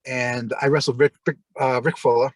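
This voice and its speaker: A man who used to wrestle, telling a backstage story as an interview guest, cursing freely and acting out his own shouts. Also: mid-range voice, moderate pace, dry recording, rough recording. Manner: animated, profane, acts out his own shouting.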